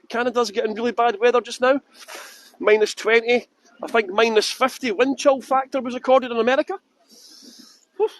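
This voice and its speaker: Man, Scottish accent, high voice, dry close sound, chatty joking tour guide, outdoors. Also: no room sound. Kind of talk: live walking tour chat. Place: outdoors by a fountain in a windy city square.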